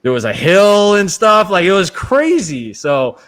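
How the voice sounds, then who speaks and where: A man's voice: sits high, big pitch swings, measured pace, fairly bright tone. A man chatting casually as a show guest, telling stories with lots of fillers and restarts. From United States. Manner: rambling, storytelling with many fillers. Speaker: actor guest. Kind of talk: casual chat.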